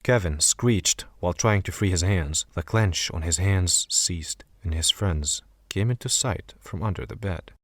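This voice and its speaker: A man narrating a horror story audiobook in a measured, steady way. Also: low-pitched, no room sound, studio quality. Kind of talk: scripted narration.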